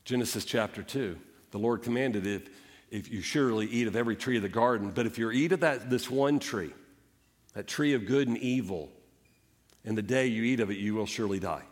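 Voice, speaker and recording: A male pastor preaching a sermon, retelling scripture with animated storytelling and emphatic rises and drops. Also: fairly low pitch, brisk, big-room sound. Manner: animated storytelling preaching, voicing Bible characters.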